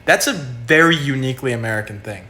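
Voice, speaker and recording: Man, bright tense voice, emphatic, swears a lot, casual talk to camera. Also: medium pitch, fast talker. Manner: emphatic, swears freely, enthusiastic.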